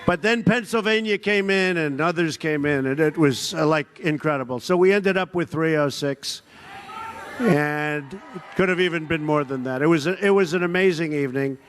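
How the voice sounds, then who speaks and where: A man's voice: fairly high pitch, moderate pace, a little hiss or hum. Boastful man giving a rally speech. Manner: boastful and repetitive, mocking opponents; drops into quoted voices of others. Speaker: rally speaker.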